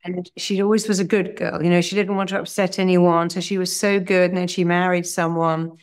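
A middle-aged woman hypnotherapist telling client stories in an animated, conversational way. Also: on the low side, a little fast, smooth. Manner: animated anecdotes, lively acted-out quotes. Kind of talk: conversational storytelling.

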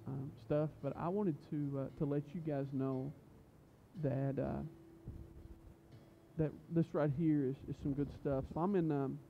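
A youth pastor with a fairly high, creaky voice leads a church youth service, preaching loosely and joking around in an unhurried, steady tone. He's chatty, stumbling over fillers and restarts. The muffled lo-fi recording carries a little hiss or hum.

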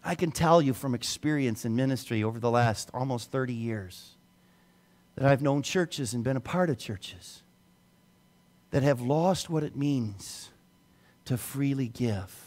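A middle-aged man preaching a sermon as pastor, swinging between soft, low passages and loud, raised emphasis. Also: measured pace.

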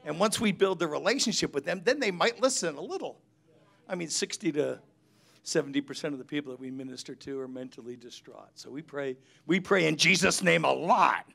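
A man's voice: a little high, lively intonation, a little fast, vocal fry, bright, forceful tone. A middle-aged pastor, preaching a chatty sermon and acting out the people he quotes. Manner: chatty storytelling, acts out quotes.

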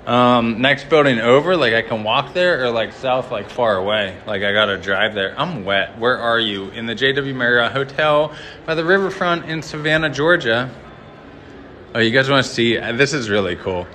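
Walking through the inside of a large hotel, a man livestreams to viewers, joking and rambling loosely at a moderate pace. His mid-range voice comes across bright and forward through a handheld phone, with a faint hum behind it.

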